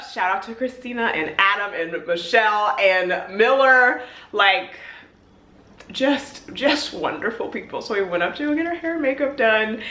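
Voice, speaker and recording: A young woman vlogger telling an excited story in casual chat, peppering her talk with "like". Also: mid-range voice, echoey room. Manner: gushing, excitable, heavy on "like". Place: hotel room.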